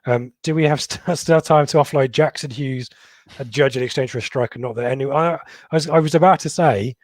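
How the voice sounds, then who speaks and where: A middle-aged man co-hosting a football podcast, reading out viewers' comments in a halting, casual way with many pauses and ums. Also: mid-range voice, no echo. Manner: halting, lots of ums and restarts. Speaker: podcast co-host.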